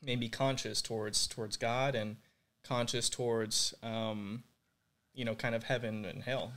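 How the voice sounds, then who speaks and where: A man's voice: medium pitch, level tone, a little slow, a bit bright. Earnest young man telling his testimony. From Puerto Rico. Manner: earnest and reflective, heavy use of "like" and "you know". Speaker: guest sharing his faith testimony. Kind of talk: candid interview conversation.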